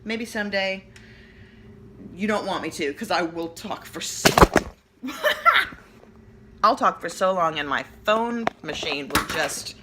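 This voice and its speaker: A woman vlogger rambling candidly at home about family life, chatty and self-deprecating with quick jokes, recorded on a hand-held phone. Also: on the low side, noisy background. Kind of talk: casual personal rambling vlog. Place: at home, seated. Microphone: phone camera held in hand.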